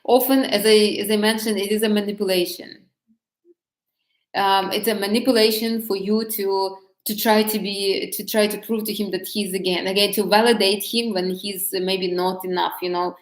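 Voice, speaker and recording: A woman's voice: mid-range voice, fairly even intonation, normal speed. Chatty woman in an echoey room. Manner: candid and chatty, with many restarts and laughs. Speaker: vlogger giving dating advice. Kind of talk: casual talk to camera.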